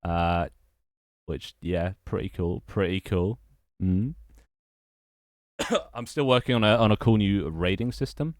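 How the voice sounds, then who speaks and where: Deep-voiced guy streaming. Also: takes it slowly, pauses often, a little mellow, dry recording, studio quality. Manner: rambling, repeats phrases, greets chat. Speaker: streamer and game developer. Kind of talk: casual livestream chat.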